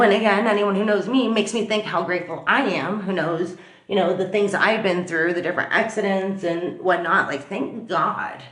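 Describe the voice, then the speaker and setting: A woman vlogger telling a story in a chatty, animated way, full of fillers. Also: on the low side, reverberant. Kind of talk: casual storytelling to camera. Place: at home.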